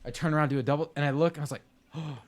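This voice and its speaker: A young man co-hosting a casual podcast, telling a story in an animated, laughing way. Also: a little high, very fast. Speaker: podcast co-host.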